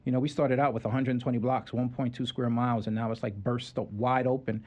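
A man speaking as a guest in a casual interview. He talks in an animated, loose way, full of restarts and fillers. His voice is mid-pitched and natural. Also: fairly quick. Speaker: president of a children's nonprofit, guest.

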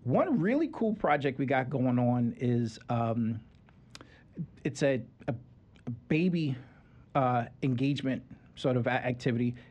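A man being interviewed as president of a children's nonprofit, talking in a conversational, animated way with lots of fillers and restarts. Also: mid-range voice, measured pace, pauses often, dull audio. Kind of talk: casual interview.

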